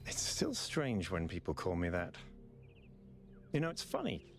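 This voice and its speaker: An actor voicing an earnest, thoughtful male robot mayor in a video game, speaking in a measured, reflective way. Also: deep voice, huge pitch swings, gravelly, heavily acted. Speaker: game character. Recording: game music behind.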